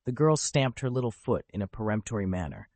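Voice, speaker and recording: A man narrating an audiobook in a low voice that rises and falls with lively expression. His delivery is measured and deliberate, and he is recorded close on the mic in a dry space. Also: no echo.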